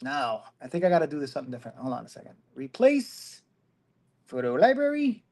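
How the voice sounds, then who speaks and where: A man's voice: a little high, wildly swooping pitch, a little fast, a little mellow. A middle-aged man hosting a casual commentary livestream from his phone, rambling and self-mocking, laughing often. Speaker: host.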